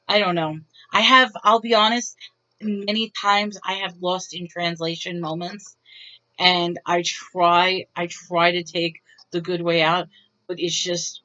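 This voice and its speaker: Bright-voiced woman telling wry stories. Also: fairly low pitch, dull audio. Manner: wry, bemused, chatty with frequent restarts. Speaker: retail worker vlogger. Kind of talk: casual storytelling to camera.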